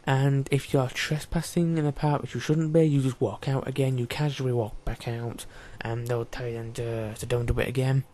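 A man's voice: mid-range voice, flat delivery, moderate pace, hardly any pauses, mellow. A man giving casual, chatty let's-play commentary, joking and talking to the game's characters as he plays. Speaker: gaming YouTuber.

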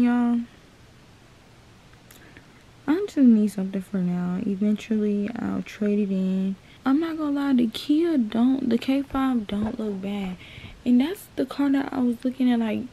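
A woman's voice: medium pitch, warm tone, breathy edge. A young woman chatting casually to her viewers in a vlog from her bedroom, often calling them y'all. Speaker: vlogger.

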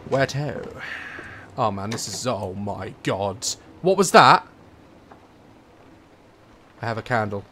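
A man's voice: on the low side, lively intonation, slow pace, long pauses, a bit bright, slight background noise. A young man commentating a horror game, joking nervously and breaking into sudden screams. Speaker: gaming YouTuber.

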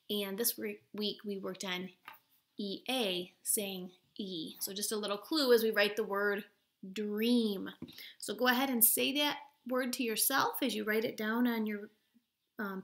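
A woman teacher records a lesson for first graders in a gentle, encouraging voice. She slows down to sound out each word and sometimes drops almost to a whisper. Her pitch sits in the middle. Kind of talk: recorded video lesson for young children.

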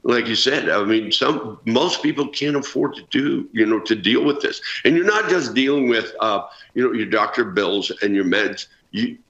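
A man's voice: medium pitch, normal speed, hardly any pauses. Man, 60s, news guest storyteller; roomy remote audio. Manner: earnest, animated storytelling. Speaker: former ballplayer guest. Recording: roomy, dull remote feed.

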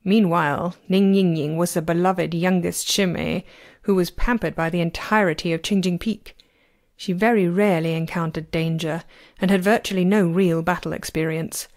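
A woman narrating a novel as an amateur audiobook reader, with expressive, varied pacing. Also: on the low side, moderate pace.

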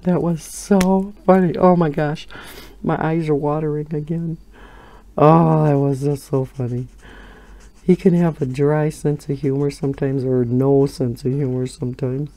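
Speaking low and unhurried, this middle-aged coloring-channel host has a dark tone and fairly even intonation in a dry recording. Her casual chat while she colors drifts into stories, punctuated by frequent laughter.

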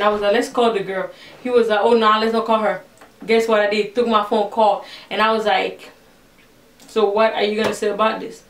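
A young woman casually telling a personal story as a vlogger, acting out the conversations she quotes. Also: mid-range voice. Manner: chatty, retells conversations with quoted voices. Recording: roomy, a little distant from the mic.

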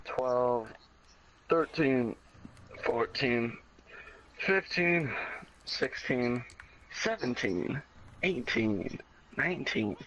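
A man's voice: mid-range voice, animated, extremely slow, pauses often, fairly bright tone, lo-fi sound, a little hiss or hum. A man chatting with friends during a hide-and-seek style game. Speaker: gamer. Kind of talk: casual gaming chat.

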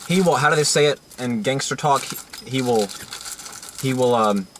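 Bright-voiced man hosting a joking vlog. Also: medium pitch, normal speed, slight background noise. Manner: rambling, jokey, lots of fillers and restarts. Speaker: vlog host. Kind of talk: casual crude joking chat.

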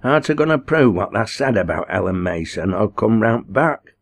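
A man reading a fiery villager, blunt and forceful, deep voice, broad dialect, storybook. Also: animated, moderate pace, vocal fry. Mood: scornful. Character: hot-tempered young village man defending a girl.

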